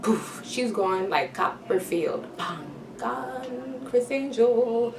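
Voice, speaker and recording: A woman's voice: a little high, slow pace. Woman, storytime vlogger, slangy, sound effects, distant mic, noisy room. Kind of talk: storytime vlog. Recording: roomy, distant, noisy home recording.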